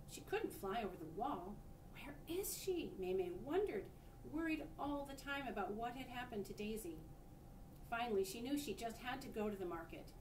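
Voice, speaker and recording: Reading a children's picture book aloud, a lively woman sounds expressive and stops now and then to show the pictures. The mic is distant in an echoey room, leaving a slightly roomy sound with a faint rumble.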